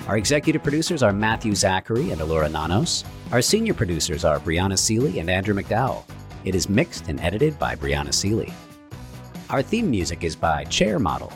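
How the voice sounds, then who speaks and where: A man hosting a podcast who thanks his co-host with uh fillers, then reads the credits. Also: on the low side. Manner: hesitant with uh fillers in talk. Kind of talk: podcast talk and read outro.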